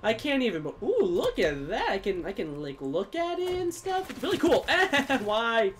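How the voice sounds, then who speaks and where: A man giving live gameplay commentary as a gaming YouTuber, swinging from low muttering to sudden yelling. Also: wildly swooping pitch, normal speed, a little hiss or hum.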